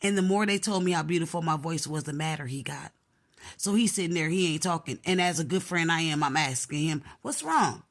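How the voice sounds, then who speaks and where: A woman's voice: low-pitched, a little fast. A young woman with a boisterous voice, telling a personal story in casual slangy chat and acting out what others said. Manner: animated, slangy, acts out other people's lines.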